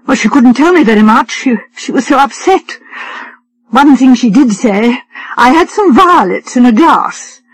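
A woman reader voicing a fretful, complaining invalid wife with high, dramatic delivery. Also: expressive, measured pace, husky, full character voice, poor audio. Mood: excited. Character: fretful, self-pitying invalid wife, middle-aged.

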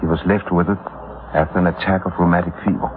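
Man as calm reassuring doctor, low-pitched, 1940s radio drama, tinny and hissy. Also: quick pace, natural voice. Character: calm kindly small-town doctor. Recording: tinny old radio broadcast with hiss.

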